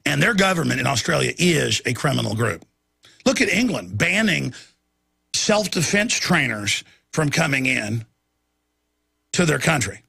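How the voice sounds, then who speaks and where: A man's voice: mid-range voice, sing-song, unhurried, creaky, pauses often, pushed and bright, breathy edge, no echo. A man hosting a nightly news show, delivering indignant, digressive commentary as he rants.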